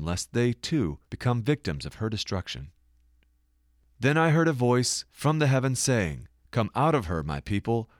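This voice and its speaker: A man giving scripted Bible-teaching narration, reading scripture dramatically and citing verses more quietly. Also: medium pitch, no echo, clean studio sound.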